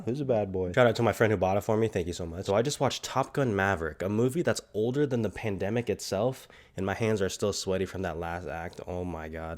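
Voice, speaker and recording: Young male reviewer, stuffy nose, excitable and profane, slightly low voice. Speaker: film reviewer. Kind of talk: casual vlog review.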